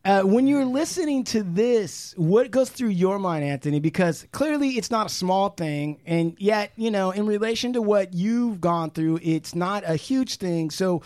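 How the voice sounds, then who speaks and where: A man's voice: sits high, animated, unhurried, few pauses, a little mellow, no echo, studio quality. A man hosting a podcast interview who asks probing questions and jokes around. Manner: probing, joking, swears casually. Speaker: podcast host. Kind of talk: casual interview.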